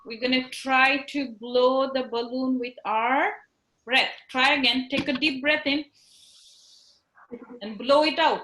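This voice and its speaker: A woman's voice: sits high, steady tone, slow, sharp tone, a little hiss or hum, low-quality recording. A woman teaching young children in an online class over a video call, encouraging them with simple words and frequent tag questions.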